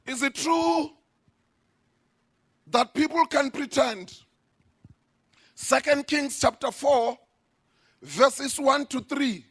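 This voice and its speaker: A male pastor from South Africa preaches in a church, his voice sitting unusually high. He takes his time over each phrase, then suddenly raises his voice to a shout to drive a point home. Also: slow pace, pauses often. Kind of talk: sermon.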